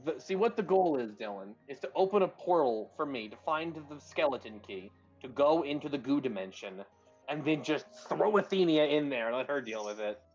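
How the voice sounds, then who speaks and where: A man's voice: on the high side, expressive, normal speed, darkish tone. A man chatting as a player in a tabletop game, joking and swearing freely. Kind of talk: casual tabletop game chat. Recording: dull lo-fi sound with faint music.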